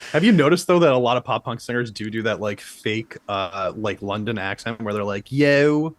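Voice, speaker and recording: A man's voice: fairly low pitch, moderate pace, dry recording. A man co-hosting a casual podcast, rambling and joking, often laughing mid-sentence. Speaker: podcast co-host. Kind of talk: casual chat.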